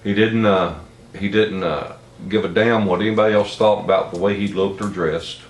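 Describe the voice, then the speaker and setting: A man's voice: on the low side, fairly even intonation, normal speed. A middle-aged man with a Southern American accent, telling a rambling, blunt, folksy anecdote. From Tennessee. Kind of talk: casual spoken anecdote. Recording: roomy, distant mic, faint ambience.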